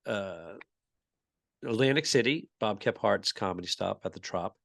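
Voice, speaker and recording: A man with a low, gravelly voice co-hosts a casual comedy podcast. He tells relaxed, rambling anecdotes and often trails off into quiet asides. The recording is close and dry. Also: moderate pace, dry recording. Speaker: podcast co-host, comedian and voice actor.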